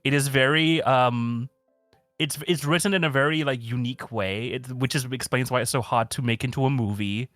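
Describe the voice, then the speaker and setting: A man's voice: medium pitch, normal speed, dry recording, faint music behind. Rambling man, dry close sound. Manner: rambling, heavy on fillers, animated storytelling. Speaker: stream guest. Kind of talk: casual chat.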